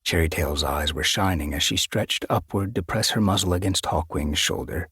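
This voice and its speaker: In steady, measured storytelling, a deep-voiced, husky male narrator reads a scripted audiobook. The sound is clean studio quality and dry.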